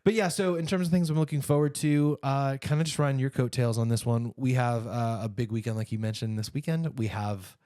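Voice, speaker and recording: Male podcast co-host, easygoing banter, mid-pitched voice, close dry mic. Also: mellow, dry recording. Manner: chatty, joking, quick asides. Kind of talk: casual chat.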